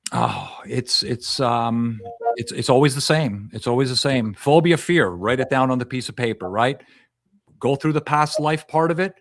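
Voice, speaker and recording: A man's voice: mid-range voice, lively intonation, moderate pace, no echo, studio quality. A man who works as a past life regression hypnotist, answering as a podcast guest and explaining at length, often repeating and restarting phrases.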